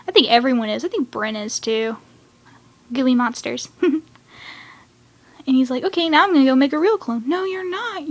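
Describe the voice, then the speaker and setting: A young woman rambling excitedly about a cartoon episode, acting out the characters with sudden high cries. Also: creaky.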